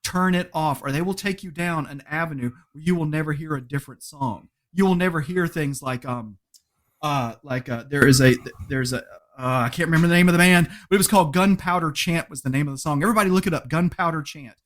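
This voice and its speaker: A man with a fairly high speaking voice talks as a podcast guest. He tells stories with animation, laughs often and acts out little quotes as he goes. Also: fast, fairly bright tone. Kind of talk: casual interview chat.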